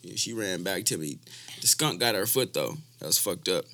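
A man's voice: low voice, lively intonation, normal speed, pushed and bright. Slangy man telling loose stories. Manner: loose slangy storytelling, swears freely. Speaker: podcast host and rapper. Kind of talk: casual chat.

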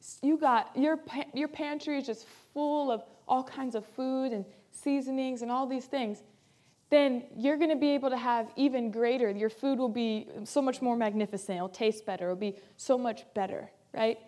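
A woman pastor preaching a sermon with emphasis, repeating key phrases and moving between loud and soft delivery. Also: a little high, fairly even intonation, moderate pace.

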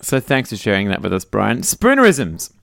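A man's voice: on the low side, huge pitch swings, normal speed, gravelly, fairly bright tone, no room sound, studio quality. A middle-aged Australian man co-hosting a casual podcast, joking and reading out listener messages. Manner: jokey, reads out listener messages. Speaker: podcast co-host. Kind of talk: casual chat.

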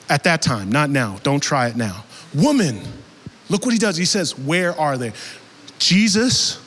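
A young man preaching a sermon as an animated storyteller, dropping his voice low for quoted people and rising to shouts. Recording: long hall reverb.

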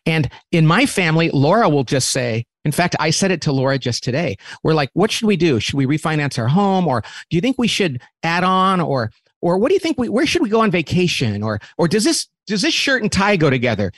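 A man who runs a company, talking as an interview guest and lively acting out quoted remarks as he explains a model. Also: a little high, brisk, few pauses, no room sound. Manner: animated, acts out quotes in different voices; repeats words when restarting.

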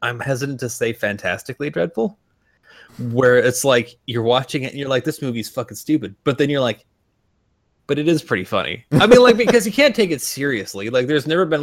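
A man co-hosting a podcast in casual chat, rambling with lots of fillers and restarts and swearing freely. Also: medium pitch. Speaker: podcast co-host.

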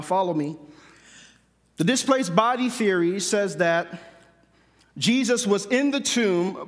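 Male preacher, high-pitched, conversational sermon delivery, long reverb of a large hall. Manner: conversational, self-correcting, with humorous asides.

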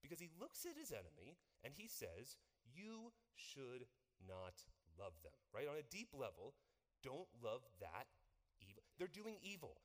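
A pastor delivers a sermon in a church, his pitch swinging widely as he keeps tossing questions out to the congregation. His voice rings through a large hall with a long reverb tail. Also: normal speed. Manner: animated, asks the congregation questions.

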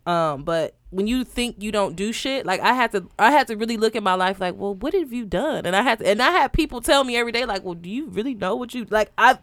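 A woman's voice: medium pitch, animated, fast talker, few pauses, fairly bright tone, no room sound, studio quality. A woman in her twenties co-hosting a podcast, talking candidly and casually, swearing and laughing often. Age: 20s. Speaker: podcast co-host.

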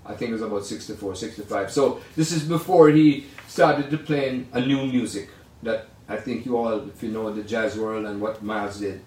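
A man's voice: on the low side, moderate pace. Older man rambling through jazz stories. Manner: rambling, animated anecdotes. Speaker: jazz pianist telling stories. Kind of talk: casual storytelling. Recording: roomy sound from far off.

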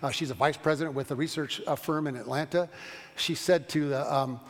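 Fast-talking man teaching in a reverberant hall. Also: a little high. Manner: fast-talking, animated, stumbles and restarts. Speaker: pastor teaching a Bible study. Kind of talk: Bible study lecture with questions.

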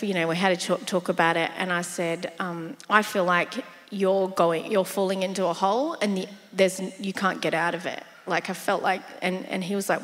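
A woman's voice: mid-range voice, a little fast. Laughing woman telling a story in a hall. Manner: animated storyteller, laughs often, acts out quotes. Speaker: interview guest. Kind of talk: casual faith story interview.

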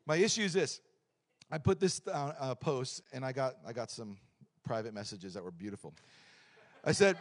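A middle-aged man preaching a lively, joking sermon in a church, swinging between loud points and quiet asides. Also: medium pitch, moderate pace. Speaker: pastor.

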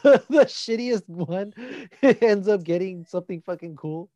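Expressive man with a dry sound. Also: high-pitched, a little slow, no room sound. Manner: expressive, profane, thoughtful. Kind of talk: casual movie chat.

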